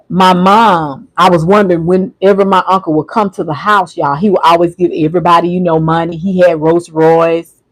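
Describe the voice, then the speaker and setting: Livestream host, male, high voice, soft and halting, repeats himself. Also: poor audio. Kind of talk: emotional livestream monologue.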